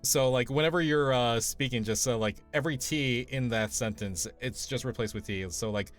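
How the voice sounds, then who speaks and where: A man chatting casually on a live stream, laid-back and hesitant, often pausing on fillers and laughing easily. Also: mid-range voice, faint music behind. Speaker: streamer co-host. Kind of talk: casual chat.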